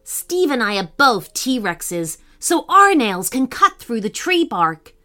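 A woman voicing a steady, calm young male T-rex, the eldest of a group of dinosaur friends, in a storybook reading. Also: fairly high pitch, slow, faint music behind, heavily acted. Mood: confident.

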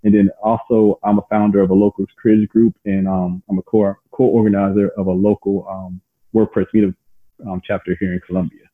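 A man's voice: on the low side, level tone, brisk, narrow, tinny audio. A man speaking as a guest on a podcast, friendly and easygoing, laughing often and using fillers. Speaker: guest, web developer. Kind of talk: casual interview chat.

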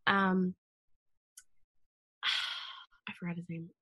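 A woman's voice: on the low side, level tone, extremely slow, sharp tone, breathy edge, no echo. A young woman in her twenties, a podcast guest, telling an emotional personal story in casual conversation, earnest and full of fillers.

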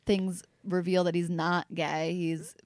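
A woman talking as a podcast guest in casual, animated chat, her pitch swooping up as she gets excited. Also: slow, no echo, clean studio sound.

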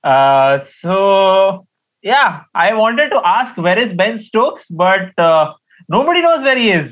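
A man's voice: high-pitched, a bit bright. A man co-hosting a casual cricket chat, teasing and switching between Hindi and English. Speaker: podcast co-host. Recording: slightly dull lo-fi mic.

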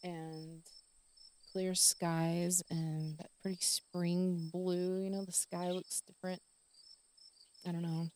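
Solo podcast host, woman in her forties, low and flat, chatty and rambling. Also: takes it slowly. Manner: rambling and chatty, with fillers and soft laughs. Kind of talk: casual solo podcast chat.

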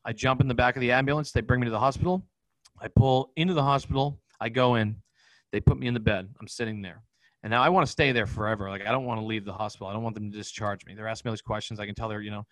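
A man's voice: mid-range voice, fairly even intonation, fairly bright tone, no room sound, rough recording. Man telling a wild, profane story. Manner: profane, rapid-fire, vivid recounting. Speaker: podcast guest. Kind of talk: candid storytelling in an interview.

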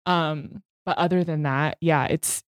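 A woman's voice: low-pitched, fairly even intonation, a little slow, no room sound, studio quality. A woman guest on a podcast, talking frankly and self-deprecatingly in a candid interview, swearing freely.

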